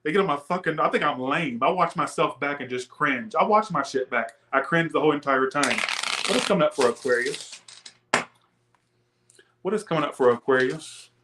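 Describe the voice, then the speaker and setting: A young man reads tarot on a live stream, talking straight to his viewers. He rants in a loose, profane way and laughs along with the chat. His voice sits a little higher than most men's. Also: a little fast, hardly any pauses, slight background noise. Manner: ranting, profane, animated; chats with viewers, laughs often. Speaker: tarot reader.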